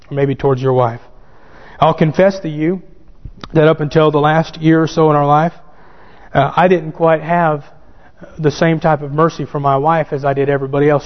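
A male pastor preaching a sermon, building to emphatic calls and reading scripture aloud. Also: fairly high pitch. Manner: reads scripture aloud in King James wording. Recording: dull sound with long hall reverb.

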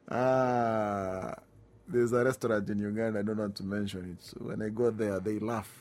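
A man's voice: lowish voice, darkish tone. A Kenyan man hosting a music radio show, chatting casually, mixing in Swahili phrases and reading out listener greetings and requests.

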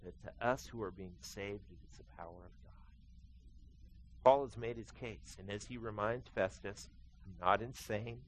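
A middle-aged man preaching a sermon as pastor, telling stories and acting out quotes with lively swings in his voice. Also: moderate pace, slight background noise, low-quality recording. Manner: animated storytelling preacher, acting out quotes with big pitch swings.

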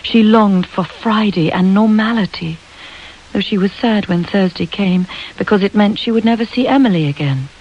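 A woman's voice: medium pitch, moderate pace, lo-fi sound. Woman reading a storybook aloud. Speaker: audiobook narrator. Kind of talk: storybook narration.

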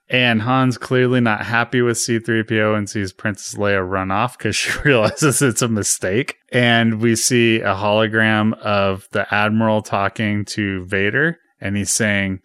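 A man's voice: on the low side, steady tone, measured pace, hardly any pauses, a bit bright, smooth, no room sound, clean studio sound. A man hosting a casual movie recap, retelling scenes with enthusiasm and chuckles. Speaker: host.

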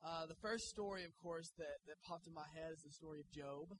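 A man preaching a sermon in a church, joking and energetic. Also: fairly high pitch, fairly quick, background noise. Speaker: guest pastor. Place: church sanctuary.

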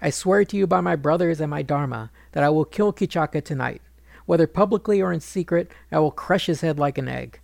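A man's voice: fairly high pitch, fairly quick, vocal fry, darkish tone, no echo, clean studio sound. A man voicing a mighty warrior husband who is fierce and devoted, speaking in vows and threats. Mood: vengeful.

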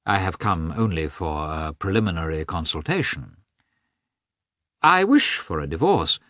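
A man voicing a stiff middle-aged official who speaks formally and with measured emphasis. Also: fairly low pitch, fairly bright tone, dry recording, clean studio sound.

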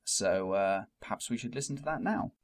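A man co-hosting a comedy podcast who speaks in a deadpan, mock-formal way to an imaginary guest. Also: on the low side, moderate pace, loud music behind the voice. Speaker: podcast co-host. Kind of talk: comic podcast introduction.

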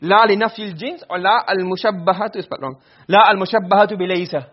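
Brisk, husky-voiced male teacher, on a muffled lo-fi recording, drilling students with questions. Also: high-pitched. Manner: quizzing students with quick questions. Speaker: Arabic grammar teacher. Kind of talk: classroom lesson.

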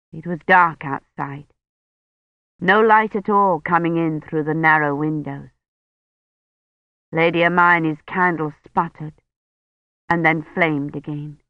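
A narrator reading an audiobook in a measured, unhurried storytelling manner. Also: medium pitch, no echo, lo-fi sound.

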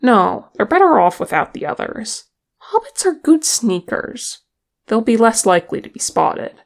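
A woman reading as a quick, eager male dwarf who speaks dismissively. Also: fairly high pitch, big pitch swings, vocal fry, pitched above the performer's own voice, heavily acted.

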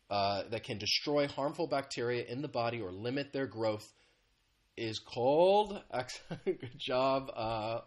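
A man, teaching an English vocabulary lesson on a live stream. He is encouraging, repeats and rephrases himself, and greets viewers by name. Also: medium pitch.

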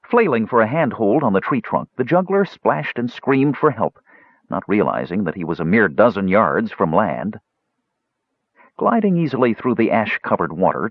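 A man narrating a fantasy audiobook in a measured, expressive reading. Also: on the low side, dry recording. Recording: dull lo-fi dry recording.

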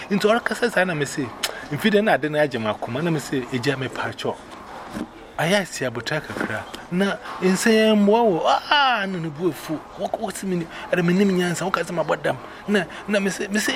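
A man with a Ghanaian accent telling a personal story in casual, animated speech, acting out the voices he quotes. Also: on the high side, fairly quick, background noise.

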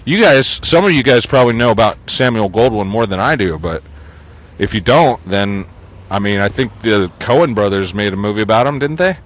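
A man's voice: on the low side, lively intonation, moderate pace. A man vlogging in a crude, sardonic rambling monologue, cursing freely.

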